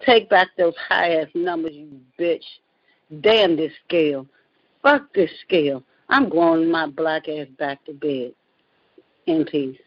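A woman's voice: low-pitched, takes it slowly, a little hiss or hum. Woman performing fierce spoken word poetry. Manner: intense, confrontational delivery. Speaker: guest poet. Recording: muffled lo-fi call audio.

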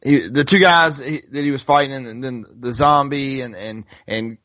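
A podcast co-host chats casually, rambling, restarting sentences and saying "you know" constantly. His mid-range voice is bright and forceful at a normal speed, recorded dry but with dull, lo-fi podcast audio.

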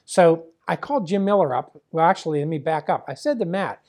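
A man's voice: on the high side, expressive, brisk, a little mellow. An older man from the Pittsburgh area, a former wrestling promoter, telling a rambling story full of fillers and acted-out dialogue. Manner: chatty, many fillers, acts out quoted dialogue.

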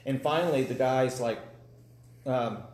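A man's voice: medium pitch, a little slow, darkish tone, roomy sound. A man preaching a live sermon in a folksy, conversational way, with dry humor.

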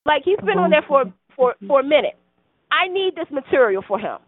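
A woman's voice: high voice, big pitch swings, a little fast, dry recording. A woman in a casual soap opera chat, talking in an earnest, rambling way. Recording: tinny phone-like line, dry.

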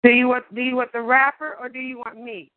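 A woman caller performing emphatic, playful spoken word on a call-in show, with deliberate delivery and wordplay. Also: a little high, little pitch movement, no echo. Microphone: phone. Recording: tinny phone line.

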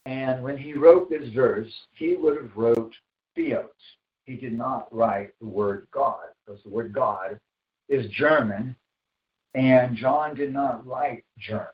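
A man preaching a sermon as pastor, slow and emphatic, repeating phrases for weight. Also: mid-range voice. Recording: echoey, dull sound from far off the mic.

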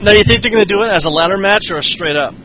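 A man's voice: sits high, racing, bright, forceful tone, slight background noise, low-quality recording. A male podcast co-host dropping short, wry remarks into casual chat.

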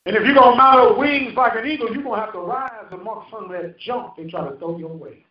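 A man's voice: high voice, brisk. A male pastor preaching a fervent sermon, emphatic, with call-and-response to the congregation. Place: church sanctuary. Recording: echoey hall, distant mic, dull sound.

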